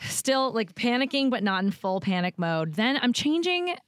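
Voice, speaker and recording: Lively woman telling a story, voice swings high, dry close mic. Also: moderate pace, smooth, dry recording. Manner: animated storyteller, voice jumps high when acting out panic. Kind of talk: casual chat.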